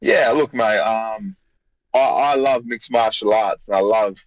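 Australian man, MMA fighter, laid-back, says mate a lot, fairly low voice, dull lo-fi line. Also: measured pace, no echo. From South Australia. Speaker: guest, mixed martial arts fighter. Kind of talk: casual interview over a line.

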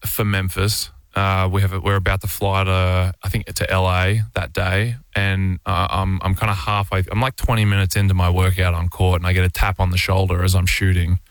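Low, flat-voiced Australian man telling a story. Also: normal speed, few pauses, clean tone, no echo. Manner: rambling anecdote, many fillers and restarts. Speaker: interview guest. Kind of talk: casual storytelling.

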